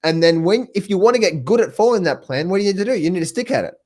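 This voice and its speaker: A man with an Australian accent coaching traders on a live stream. He talks excitedly, repeats himself, laughs often and calls viewers by name. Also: sits high, racing. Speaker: trading coach. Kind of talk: live stream talk answering viewers in chat.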